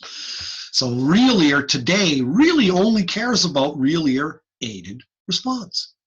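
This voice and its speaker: A man giving an informal online lecture, lively and blunt, over a computer mic on a video call. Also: fairly high pitch, slow pace, slightly rough, lo-fi sound. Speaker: audiology lecturer.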